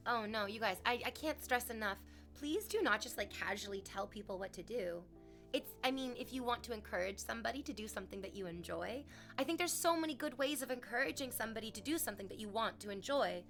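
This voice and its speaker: A woman's voice: on the high side, lively intonation, quick pace, fairly bright tone, soft background music. A young woman streaming, chatting casually with her viewers and telling a story with playful quoted voices. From Canada.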